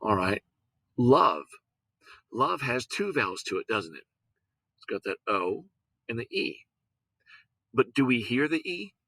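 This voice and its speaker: A man teaching a lesson, patient, repeating words and sounding them out slowly. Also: mid-range voice, sing-song, fairly bright tone, dry recording, poor audio. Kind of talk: recorded classroom lesson on syllables.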